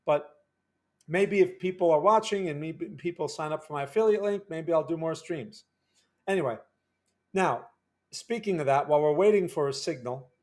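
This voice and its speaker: A man's voice: fairly high pitch, a little mellow. A man casually talking through live futures trading on a stream, chatty and repeating himself, often tagging sentences with "right?". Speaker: day trader and live streamer.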